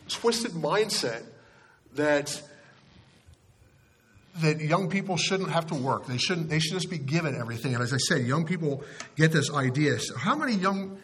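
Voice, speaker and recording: A man's voice: a little high, husky. A male pastor giving a sermon in a conversational storytelling way, often restarting his sentences.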